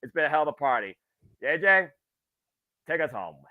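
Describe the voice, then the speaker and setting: A man's voice: on the high side, sing-song, normal speed, dry recording, narrow, tinny audio. A man co-hosting a wrestling show, giving a grandiose, theatrical sign-off speech. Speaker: wrestling commentator co-host. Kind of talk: casual chat.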